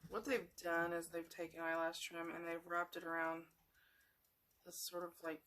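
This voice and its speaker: Chatty low-voiced woman crafting. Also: flat delivery, moderate pace, a bit bright. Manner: chatty and meandering, talking to viewers while working. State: yawning, sleepy. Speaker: craft tutorial host. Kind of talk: casual crafting tutorial.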